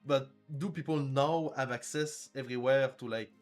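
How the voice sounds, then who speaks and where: Casual male streamer, mid-pitched, loose and crude-humored, faint music underneath. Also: steady tone, moderate pace. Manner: joking, crude, rambling. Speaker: indie game developer streaming. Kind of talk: casual livestream chat.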